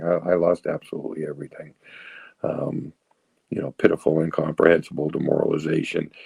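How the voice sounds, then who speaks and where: A man in his sixties with a very low, gravelly voice tells his recovery story, halting and restarting, with a wry, self-mocking humor. His tone is dark and husky, recorded close and dry. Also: no room sound, poor audio. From New England. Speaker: recovery speaker.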